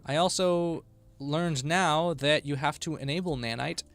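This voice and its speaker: A man's voice: fairly high pitch, measured pace, fairly bright tone, no echo. Tired man mumbling while game-streaming. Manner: tired, mumbling to himself, self-deprecating. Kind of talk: casual live-stream chat while working.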